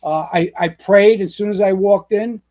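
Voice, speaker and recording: A man's voice: high voice, normal speed, highs cut off. A man in his sixties from the Bronx with a New York accent, a retired fire captain telling salty, profane stories as a podcast guest. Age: 60s. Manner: salty, profane, animated storyteller. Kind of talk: storytelling interview.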